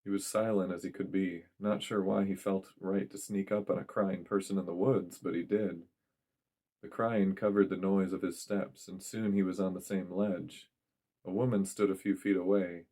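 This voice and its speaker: A man with a deep, low voice narrates a story aloud. He reads at a steady, measured pace, as in a scripted storytelling piece.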